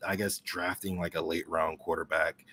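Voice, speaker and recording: A man's voice: low voice, little pitch movement, moderate pace, sharp tone, a little hiss or hum. A man on a video call as a podcast guest, talking in rambling, emphatic casual chat. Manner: rambling, emphatic sports-fan talk.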